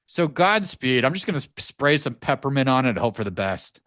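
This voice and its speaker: A man co-hosting a podcast, telling a story in an animated, profane ranting way from a home studio. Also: mid-range voice, brisk, no echo. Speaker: podcast co-host. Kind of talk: casual podcast chat.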